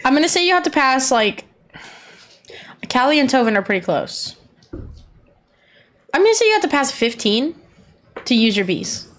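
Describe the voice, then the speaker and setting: A woman's voice: high-pitched, sing-song, fairly bright tone. A woman running a tabletop role-playing game as game master, explaining rulings and narrating in a casual way. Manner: casual, rules-focused, quick asides.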